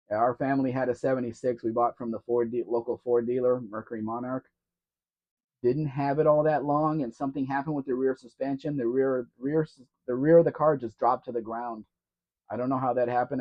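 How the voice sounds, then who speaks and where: Chatty man hosting a live stream. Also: mid-range voice. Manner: chatty, teasing, reads out viewer comments. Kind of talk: casual livestream chat. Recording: dull lo-fi sound.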